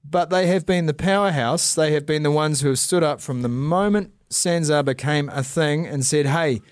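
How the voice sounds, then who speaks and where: An animated New man co-hosts a sports podcast from a studio. His voice sits fairly high, and he rants with a sarcastic bite. The sound is close and dry. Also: normal speed, clean tone, no echo. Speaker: podcast co-host. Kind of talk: casual sports chat.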